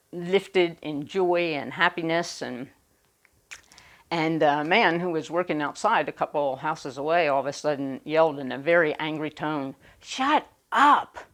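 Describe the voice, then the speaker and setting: A woman minister giving a sermon, speaking deliberately with emphatic pauses. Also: sits low.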